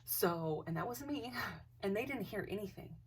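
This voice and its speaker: A woman's voice: mid-range voice, animated, normal speed, distant mic, slight background noise. A young woman casually telling a ghost story, hesitant, with many restarts and dips into near-whispers.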